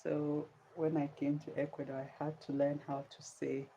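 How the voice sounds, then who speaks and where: A woman's voice: deep voice, little pitch movement, normal speed, dark tone, dull audio, a little hiss or hum. A tired woman vlogger chatting casually on a livestream, pleading with viewers and drawing out her words.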